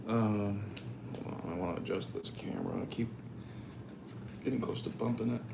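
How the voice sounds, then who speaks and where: A young man hosting a live stream, chatting casually and rambling as he thinks out loud and answers chat. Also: lowish voice, moderate pace, creaky, background noise. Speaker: live-stream host painting cards.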